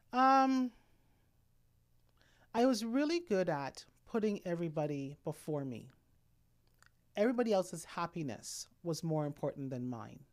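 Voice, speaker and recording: Low-voiced woman sharing a personal story. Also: darkish tone. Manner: reflective, candid, pauses and restarts. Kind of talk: intimate personal talk.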